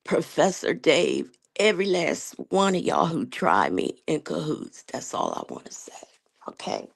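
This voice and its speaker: A woman's voice: low voice, huge pitch swings, a little slow, creaky, slightly rough. A woman guest on a livestream call, teasing and trash-talking in casual banter. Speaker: panel guest.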